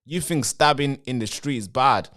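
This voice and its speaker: A man's voice: mid-range voice, normal speed, fairly bright tone. A man hosting a live stream, talking straight to his viewers in a rambling way and answering chat comments. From Britain.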